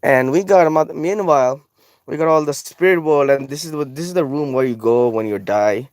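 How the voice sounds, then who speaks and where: A man's voice: a little high, a little fast, a little mellow, no echo. A man casually describing his own drawing, rambling and swearing often, with frequent laughs and trailing thoughts.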